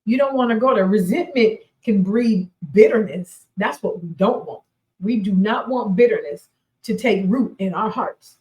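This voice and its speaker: A woman's voice: medium pitch, moderate pace, reverberant, muffled recording. A woman in her forties hosting a radio show, giving casual motivational talk, emphatic and repeating herself, laughing often. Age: 40s.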